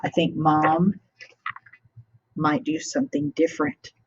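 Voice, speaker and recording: A woman teacher reads a picture book to children and keeps stopping to ask them questions. Her voice is lowish and breathy, and she talks slowly. The recording sounds dull and lo-fi. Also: big pitch swings. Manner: warmly interactive, asking children questions.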